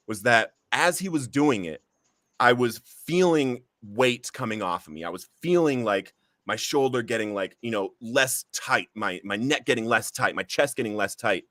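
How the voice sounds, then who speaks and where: A man hosts a recovery podcast and tells his own story. His telling is earnest and heartfelt, at a middling pitch. The sound is dry and close. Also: a bit bright, dry recording. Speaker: podcast host. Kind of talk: personal recovery testimony.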